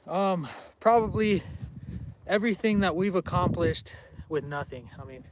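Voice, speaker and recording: A man with a slightly higher-than-usual voice chats loosely through a viewer Q&A outdoors in the cold. He rambles from one answer to the next and breaks off to call to his dogs, with faint noise in the background. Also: animated, moderate pace. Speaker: channel host answering viewer questions. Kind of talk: casual livestream Q&A. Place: outdoors on a cold rural property.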